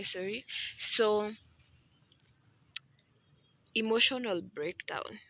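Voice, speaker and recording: Bright, chatty woman vlogging. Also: mid-range voice, unhurried, slight background noise. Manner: chatty and animated, with playful asides and laughs. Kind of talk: casual vlog talk to camera.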